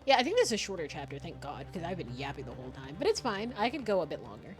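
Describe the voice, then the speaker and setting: A young woman streaming a game, chatting casually with viewers in a giggly, animated manner and swearing now and then. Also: fairly low pitch, fast, over music. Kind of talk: casual chat while playing a game.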